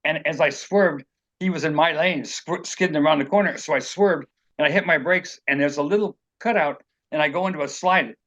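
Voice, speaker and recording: A man's voice: on the high side, brisk, a bit bright, lo-fi sound. A man being interviewed as an author, telling personal stories in a rambling, earnest way and acting out what people said. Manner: rambling, earnest, acts out quotes.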